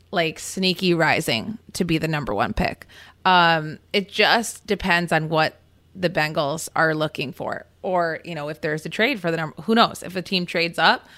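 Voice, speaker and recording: A woman's voice: on the low side, sharp tone. A woman football reporter on a podcast, telling stories in a chatty, casual way with many fillers and restarts. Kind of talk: casual chat.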